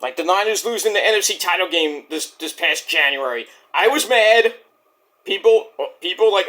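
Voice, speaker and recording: Blunt, high-voiced man ranting. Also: moderate pace, bright, forceful tone. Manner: blunt, profane, rambling. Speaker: vlog host. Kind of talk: casual ranting monologue.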